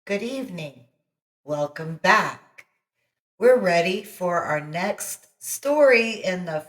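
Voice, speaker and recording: A woman hosting her channel and reading a bedtime story aloud in a slow, expressive way. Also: lowish voice. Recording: roomy echo.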